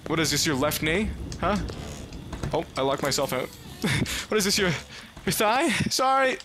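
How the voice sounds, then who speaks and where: A man giving casual let's play commentary, chatting to game characters and yelping and shouting when something startles him. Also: fairly high pitch, normal speed, over music. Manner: excitable, yelps and shouts at scares. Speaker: gaming video creator.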